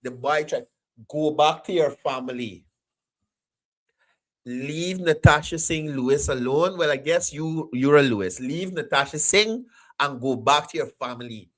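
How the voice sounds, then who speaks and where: A man hosting a call-in talk show, animated and repeating his phrases. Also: a little high.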